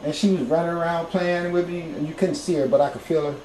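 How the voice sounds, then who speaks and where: A man telling his own story to viewers in a casual, animated way, swearing freely and getting loud when excited. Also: on the high side, fast talker, slight background noise. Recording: roomy echo, faint background ambience.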